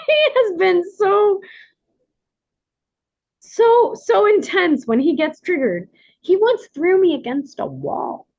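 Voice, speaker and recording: Animated woman hosting a workshop. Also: high-pitched, muffled recording. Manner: animated, warm coaching tone with laughs. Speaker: workshop host. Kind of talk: casual talk to a workshop group.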